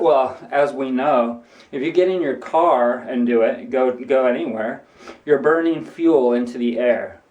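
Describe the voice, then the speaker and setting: His voice is a little high and a little mellow, captured from a distance with some hiss or hum. Showing how to wash laundry by hand in a tub for a casual how-to vlog, he rambles and preaches with many restarts, while the bathroom echoes and water runs off-mic.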